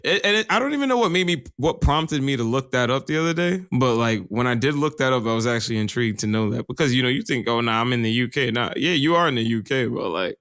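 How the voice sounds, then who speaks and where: A man's voice: mid-range voice, lively intonation, quick pace, few pauses, a bit bright, dry recording, studio quality. A man co-hosting a podcast in casual, rambling chat, swearing and laughing often. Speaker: podcast co-host.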